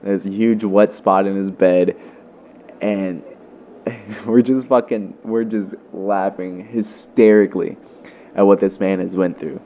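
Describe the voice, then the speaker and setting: A man's voice: low voice, steady tone, takes it slowly, highs cut off, a little hiss or hum. A young man vlogger telling a story in a loose, profane way, full of fillers. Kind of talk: casual storytelling.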